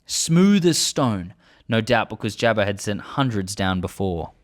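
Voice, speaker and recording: A man's voice: fairly low pitch, big pitch swings, a little slow. A man hosting a video, reading book excerpts aloud and adding earnest, enthusiastic fan commentary. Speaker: host.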